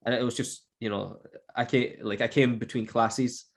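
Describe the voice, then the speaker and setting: A man with a mid-pitched voice tells stories in a casual chat. He is an online English teacher, animated and laughing as he acts out what people said. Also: normal speed, creaky. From Scotland.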